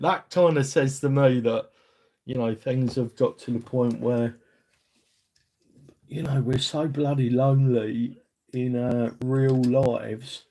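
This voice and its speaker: A middle-aged man with a London accent talks slowly to his stream viewers while working at a bench. His voice has a gravelly, creaky texture, and he rambles in a chatty, self-deprecating way. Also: medium pitch, fairly even intonation, dark tone. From England. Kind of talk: casual live-stream chat while working on a workbench.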